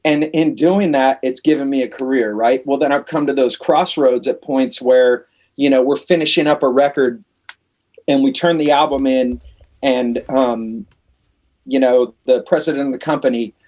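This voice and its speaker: A man guesting on a casual podcast interview, telling animated stories in a loose, profane way. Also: medium pitch, normal speed. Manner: animated storytelling, swears freely, acts out quoted exchanges. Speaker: guest, rock band lead singer.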